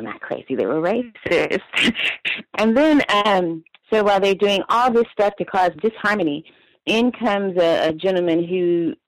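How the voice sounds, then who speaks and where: A caller on a call-in show, telling rambling, animated anecdotes over the phone. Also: mid-range voice, no room sound, poor audio. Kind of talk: casual call-in storytelling.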